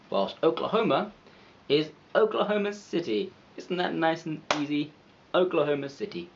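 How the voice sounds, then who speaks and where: A man's voice: on the high side, expressive, normal speed, gravelly, highs cut off. A man narrating an educational video with playful, chatty, self-mocking asides. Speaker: video creator.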